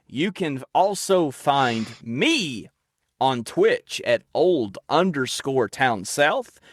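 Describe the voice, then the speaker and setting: A man's voice: mid-range voice, sing-song, drawn-out words, dry recording, clean studio sound. A man with a Southern accent hosting a casual podcast, talking loosely with lots of laughs and folksy fillers. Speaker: podcast host.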